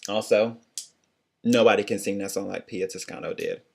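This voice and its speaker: A young man talking in a lowish voice, trading casual critiques with a friend. His delivery is blunt and sassy, full of quick asides and playful digs. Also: fairly even intonation, creaky. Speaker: co-host reviewing singing contest.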